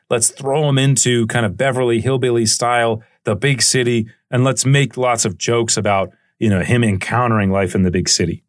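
A male history podcast host talks through his subject in a relaxed, digressive manner. His voice sits at an ordinary middle pitch. The recording is dry and close, with no room sound. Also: no room sound. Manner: chatty and digressive, with frequent "uh" and "right?". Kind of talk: conversational history lecture.

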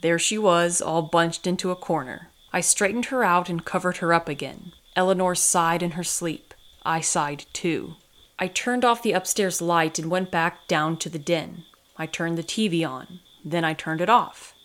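A woman's voice: on the low side, moderate pace. A woman podcast host reading a first-person novel aloud and then recapping the plot casually. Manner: steady storytelling read, then casual recap.

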